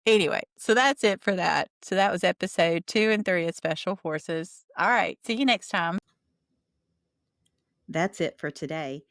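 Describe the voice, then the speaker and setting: A woman's voice: lowish voice, measured pace, fairly bright tone, dry recording, clean studio sound. A woman hosting a podcast, recapping a TV show in a chatty, wry, gossipy way. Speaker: podcast host. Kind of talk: casual TV recap.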